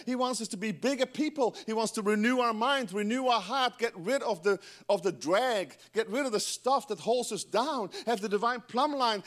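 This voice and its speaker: A middle-aged man preaching a sermon in church, animated and breaking into joking asides to the congregation. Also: extremely high pitch. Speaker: pastor.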